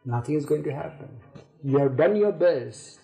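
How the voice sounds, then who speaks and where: An older man telling a spiritual story, halting and repeating words, with laughs, on an archival tape recording. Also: fairly high pitch, animated, vocal fry, dark tone, lo-fi sound, faint music behind. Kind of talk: spiritual reminiscence talk.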